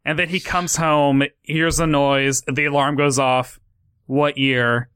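Guy a bit higher voiced, rambly and animated, recapping an episode from his home office. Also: slow pace, clean tone. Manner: animated, laughs often, rambling retellings. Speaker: podcast co-host. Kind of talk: casual chat.

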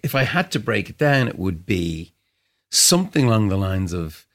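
A man with a very low, gravelly voice talks reflectively as a guest in an interview. He circles his thoughts, restarting phrases as he searches for the right words, and the fry in his voice stays through every line. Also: very animated, moderate pace. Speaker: guest musician. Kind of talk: casual interview conversation.

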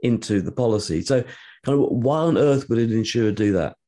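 A man hosting an interview, relaxed and prompting his guest with questions. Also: medium pitch, fairly quick. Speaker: podcast host. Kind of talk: conversational interview.

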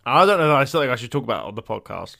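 A man's voice: medium pitch, big pitch swings, very fast, creaky, bright, forceful tone. A man co-hosting a comedy podcast in casual banter, playful and jokey, laughing mid-sentence. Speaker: podcast co-host.

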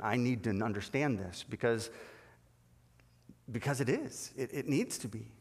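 A man preaching a sermon as pastor, animated and acting out the voices he quotes. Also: medium pitch, normal speed, husky, in a large hall. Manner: animated, acts out quoted dialogue.

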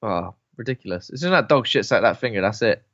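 A man's voice: on the low side, lively intonation, fast talker, fairly bright tone. Jokey man on a dull, dry mic. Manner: jokey, puts on silly voices. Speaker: podcast co-host. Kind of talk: casual chat recapping a film. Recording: slightly dull, dry sound.

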